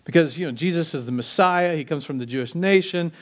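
Man, pastor, sermon, lively conversational preaching, slightly higher voice. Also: quick pace. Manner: animated, conversational preaching with acted-out quotes.

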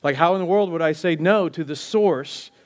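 In a chatty sermon, a male pastor throws out one rhetorical question after another and lands his key phrases in a slow, low voice.

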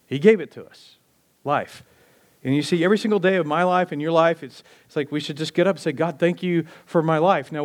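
A male pastor preaching a sermon in a conversational style, firing rhetorical questions and dropping low and slow on key phrases.

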